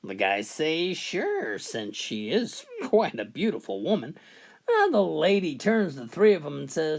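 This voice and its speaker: A man's voice: fairly high pitch, huge pitch swings, unhurried, creaky. A man telling jokes in a laid-back, folksy way, starting sentences with "well". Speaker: joke teller. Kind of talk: storytelling jokes.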